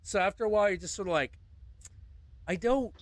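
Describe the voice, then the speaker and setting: A podcast host with a high-sitting male voice tells a story at a very fast clip, recorded with no echo. His casual chat is animated and profane, and he acts out the voices of the people in it.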